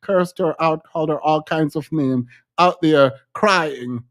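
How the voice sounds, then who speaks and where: A woman's voice: lowish voice, unhurried, no echo, muffled recording. A woman hosting a podcast, casually reacting to a clip, laughing often and mocking playfully. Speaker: podcast host.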